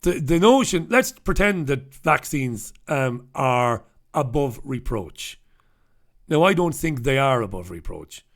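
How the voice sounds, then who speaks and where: A man hosting a casual newspaper review, chatty and irreverent, swearing and laughing at his own jokes. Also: medium pitch. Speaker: host.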